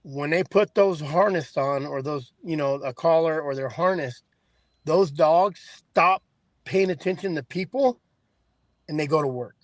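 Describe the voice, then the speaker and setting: A man's voice: on the high side, unhurried, no echo. A man in a casual chat, telling loose, rambling stories.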